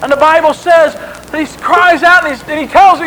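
A man's voice: extremely high pitch, fairly even intonation, normal speed, pushed and bright, slight background noise, rough recording. A man preaching a sermon in an emphatic, conversational way, acting out the quotes he tells.

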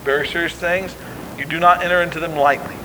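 A man's voice: on the high side, fairly even intonation, fast talker, noisy background. A man preaching a sermon in an emphatic, conversational way, acting out the quotes he tells.

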